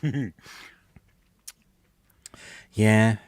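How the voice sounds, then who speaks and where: Brief: male podcast co-host, lowish voice, dry close sound, upbeat chatter. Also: steady tone, drawn-out words, darkish tone, dry recording. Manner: chatty and enthusiastic, with frequent laughs. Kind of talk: casual chat, reading out viewer comments.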